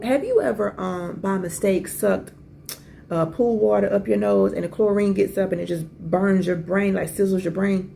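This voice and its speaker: A woman in her forties, a podcast host, telling a personal story in a casual, animated way with asides and rhetorical questions. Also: mid-range voice, vocal fry, a little hiss or hum.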